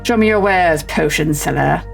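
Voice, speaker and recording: A woman voicing a stoic, manly male adventurer who speaks flat and dry. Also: sits low, moderate pace, creaky, soft background music. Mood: deadpan.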